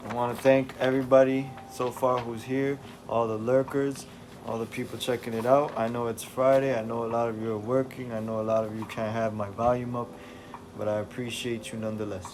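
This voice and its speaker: A young man chatting casually on a livestream while reading comics aloud, relaxed and slangy. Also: medium pitch, a little fast, a little hiss or hum.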